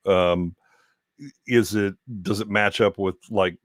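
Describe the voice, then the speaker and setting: Casting: very deep male voice, rambling casual guest, dry close sound. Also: fairly even intonation, brisk, no room sound. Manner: rambling, many restarts and fillers. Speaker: guest co-host. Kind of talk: casual podcast chat.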